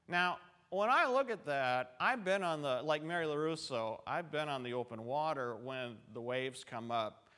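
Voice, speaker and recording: A man delivers a sermon in a church, and his voice sits a little higher than most men's. He talks like he's chatting, with stories, asides and questions for the people in front of him. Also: lively intonation, normal speed, few pauses, sharp tone. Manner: chatty and storytelling, with asides to the congregation. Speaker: pastor. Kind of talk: conversational sermon. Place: church sanctuary.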